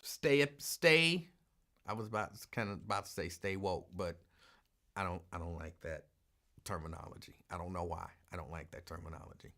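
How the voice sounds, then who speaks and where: Low-voiced woman radio show host. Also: normal speed. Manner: laughing, storytelling, animated. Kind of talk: casual call-in talk.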